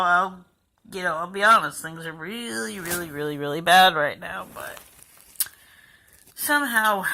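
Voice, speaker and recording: A woman's voice: lowish voice, pushed and bright, poor audio. A woman talking in an emotional, heartfelt personal vlog, rambling and sighing now and then. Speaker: vlogger.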